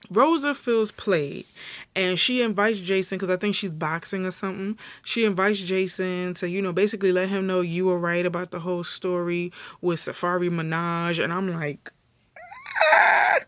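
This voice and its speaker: A woman's voice: lowish voice, steady tone, normal speed, no echo. A woman vlogger recapping a reality show episode in a casual, slangy way with lots of fillers, sounding tired. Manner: chatty, slangy retelling full of fillers.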